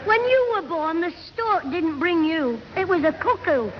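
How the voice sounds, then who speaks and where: A man playing a bossy, quick-witted, teasing schoolboy in a 1960s radio comedy. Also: very high voice, sing-song, very noisy, exaggerated voice. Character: cheeky scheming young schoolboy. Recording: dull lo-fi 1960s radio recording.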